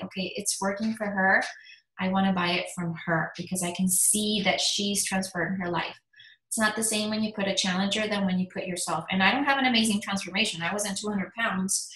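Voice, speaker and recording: A woman in her forties, a fitness business coach, giving an energetic motivational talk in emphatic bursts. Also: medium pitch. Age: 40s. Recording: echoey room.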